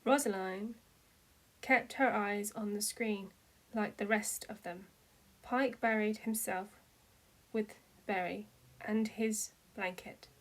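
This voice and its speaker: Her voice mid-range, fairly bright, and fairly even, a woman slowly reads fan fiction aloud in an amateur style. Steady narration gives way to raised, crying voices in the dialogue.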